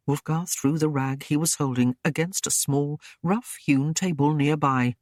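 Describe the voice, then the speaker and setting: A man narrating a historical romance audiobook in an even, steady storytelling manner. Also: fairly high pitch, unhurried, hardly any pauses, dry recording, clean studio sound.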